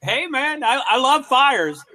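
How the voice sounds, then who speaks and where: A man's voice: extremely high pitch, sing-song, takes it slowly, bright, forceful tone. A man hosting a casual video chat, friendly and tripping over restarts. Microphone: video call.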